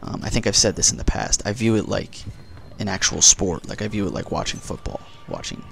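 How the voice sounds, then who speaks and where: Gravelly low-voiced man with morning voice. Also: a little fast, fairly bright tone, a little hiss or hum. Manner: rambling, chatty, self-joking. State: just-woken morning voice. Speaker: gaming commentator. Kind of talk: casual gameplay commentary.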